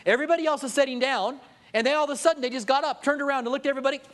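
A man's voice: extremely high pitch, rapid-fire, background noise. A male pastor preaching a sermon, telling humorous stories and acting out quotes. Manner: storytelling with jokes, lively acted-out quotes.

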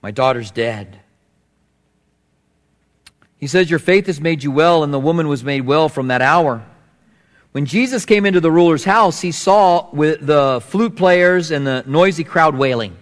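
Middle-aged male pastor, lively storytelling sermon delivery, slightly high voice, long hall reverb. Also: moderate pace. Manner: storytelling preacher, acts out voices with big swings in pitch.

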